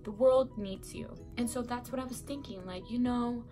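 A woman's voice: on the high side, moderate pace, dark tone. Young woman, casual vlog, chatty, rambling, congested, bedroom, faint music behind. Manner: chatty, rambling, self-correcting with many fillers. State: sick and congested. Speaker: vlogger. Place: bedroom at home.

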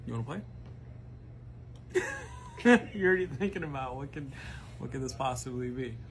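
A man's voice: medium pitch, lively intonation, moderate pace, slight background noise. A man teasing a friend with a number trick, laughing as he goes. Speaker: prankster. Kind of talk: casual prank with a friend.

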